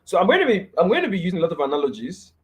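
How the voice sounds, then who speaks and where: Nigerian guy on a webinar call, kinda high voice, keeps saying right? and repeats stuff to drive it home. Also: wildly swooping pitch, very fast, highs cut off. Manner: repeats key phrases for emphasis, asks "right?" often. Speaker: webinar speaker. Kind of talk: live webinar teaching.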